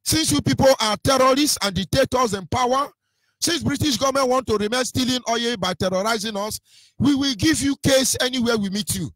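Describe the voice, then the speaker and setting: A man's voice: very high voice, a little fast, a bit bright, dry recording. A Nigerian-accented man presenting on radio in a combative, taunting rant, hurling insults with sing-song lilts.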